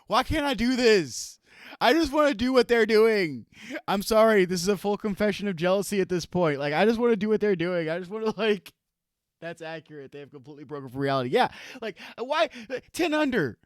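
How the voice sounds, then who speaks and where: Animated, sarcastic male streamer. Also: high voice, a little fast, dry recording, clean studio sound. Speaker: streamer reacting to videos. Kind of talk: live stream reaction commentary.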